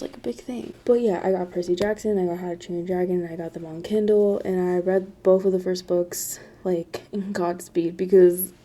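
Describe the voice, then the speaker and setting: A woman's voice: mid-range voice, dark tone. A young woman vlogging casually about books, chatty, swearing freely, with defensive asides. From United States. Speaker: book vlogger. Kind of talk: casual chat.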